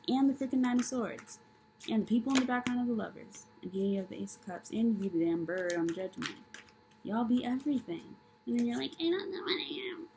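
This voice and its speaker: A woman's voice: a little high, dark tone, slight background noise, rough recording. A woman reading tarot cards in a casual monologue, delivering blunt, profane tough love with emphatic repetition and rhetorical questions. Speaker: tarot reader.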